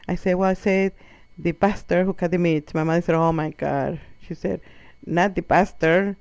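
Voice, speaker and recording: A man with a high, gravelly voice speaks at a moderate pace, clear and resonant, in a recording with no echo and the highs cut off. He's a comedian who isn't a native English speaker, delivering an animated, profane comic storytelling monologue and acting out the voices of the people in his tales.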